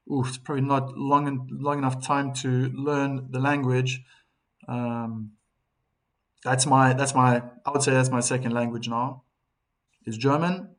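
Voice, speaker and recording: Slow-talking male stream host. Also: medium pitch. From South Africa. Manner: chatty, reads viewer comments aloud, frequent restarts and ums. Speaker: live-stream tennis commentary host. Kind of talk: casual live-stream chat with viewers.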